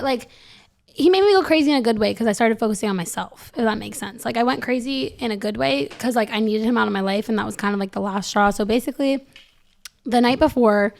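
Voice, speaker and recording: A young woman, a podcast guest, telling a personal story in a casual, rambling way and filling nearly every phrase with "like.". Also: medium pitch.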